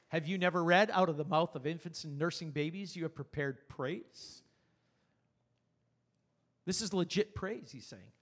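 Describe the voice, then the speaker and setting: A man preaching a sermon as pastor, earnest and animated, with rhetorical questions. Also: sits high.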